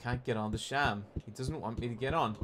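An exasperated man talking his chat through a video game, ranting and swearing when it frustrates him. His voice sits at an ordinary middle pitch. Clear hiss runs under the recording. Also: a little fast. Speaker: gaming YouTuber. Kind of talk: casual game commentary to chat.

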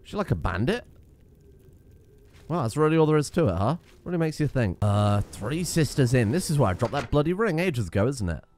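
Sweary gamer, lively voice. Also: male voice, medium pitch, fairly quick. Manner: sweary, joking and animated. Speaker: let's play gamer. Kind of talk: casual gameplay commentary.

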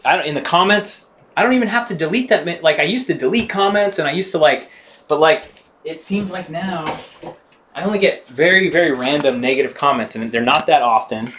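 A man's voice: a little high, a bit bright, slight background noise. Man, casual live-stream chat, rambling, swears casually, faint tool clicks behind. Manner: rambling, laid-back, swears casually, reads chat aloud. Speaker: mountain bike YouTuber live-streaming.

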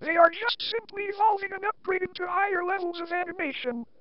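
A synthetic text-to-speech woman's voice reading out a commentary with flat, mocking remarks. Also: extremely high pitch, fairly quick, dull audio. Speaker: commentary host.

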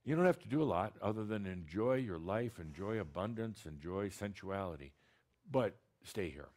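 A man's voice: lowish voice, expressive, normal speed, a little mellow. A man channeling a spiritual teacher, talking to an audience in a blunt, direct, teasing way with many restarts.

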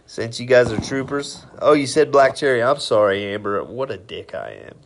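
A man's voice: mid-range voice, normal speed. A man hosting a casual live stream, rambling in a friendly, tipsy way as he tells stories and greets viewers.

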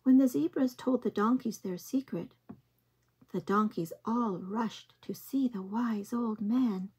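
A woman reading picture books aloud to young children in a slow, gentle, expressive way. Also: on the high side, husky. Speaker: early-years storytime reader.

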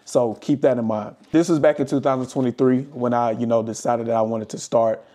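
A man's voice: mid-range voice, fairly quick. A young adult man talking casually to camera and walking through his study experience with plenty of fillers. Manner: relaxed, conversational, many fillers. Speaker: vlogger. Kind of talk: casual talking-head explainer.

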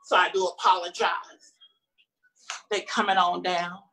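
Heard on poor audio, a woman with a fairly low voice speaks at a moderate pace, her delivery flat but her tone bright and forceful. She's the emcee of a live-streamed show, welcoming everyone, introducing performers, and teasing the crowd sassily.

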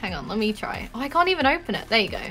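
A woman's voice: on the high side, sing-song, rapid-fire, bright, forceful tone, soft background music. A woman chatting playfully during a multiplayer game, giggling and teasing her friends. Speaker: guest gamer. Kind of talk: casual gaming chat.

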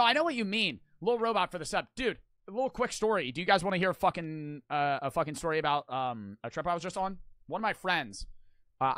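Animated rambling young man streamer. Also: on the high side, no echo. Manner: rambling, animated, swears a lot. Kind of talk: casual stream storytelling.

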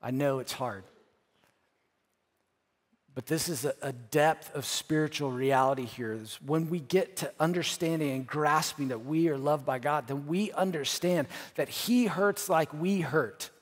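A man preaching a sermon as pastor, earnest, repeating phrases, rising to emphatic peaks and dropping to soft, quiet lines. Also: fairly high pitch, unhurried. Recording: church hall with long reverb.

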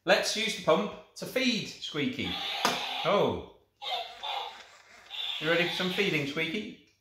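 A man's voice: a little high, sing-song, slow pace. A man reviewing a toy, talking it through in a coaxing sing-song and praising it as he shows each feature. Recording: echoey room with clear background noise.

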